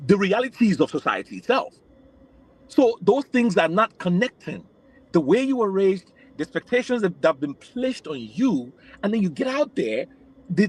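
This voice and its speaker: A man's voice: high-pitched, slightly rough, rough recording. A man from Nigeria, a podcast guest, explaining his views at length in a reflective way, often restarting his sentences. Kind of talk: casual podcast conversation.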